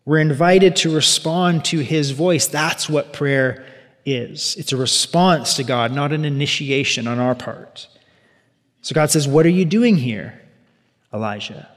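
A man preaching a sermon as pastor, animated, acting out quoted voices. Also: on the high side, measured pace. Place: church sanctuary. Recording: long hall reverb.

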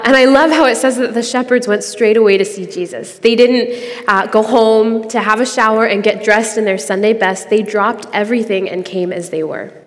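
A woman's voice: on the high side, big-room sound. Earnest woman giving a devotional talk. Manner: earnest, conversational, laughs easily. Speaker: podcast co-host giving a devotional.

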